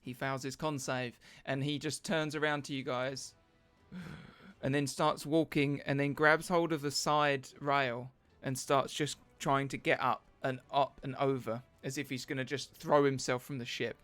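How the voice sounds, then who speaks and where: A man narrating as dungeon master in an animated, laughing way, often searching for words. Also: mid-range voice, measured pace, soft background music. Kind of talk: narrating a tabletop game.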